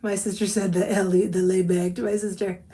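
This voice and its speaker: A woman, hosting a casual thrift haul livestream, animated and chatty, calling viewers honey. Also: mid-range voice, moderate pace, far from the mic.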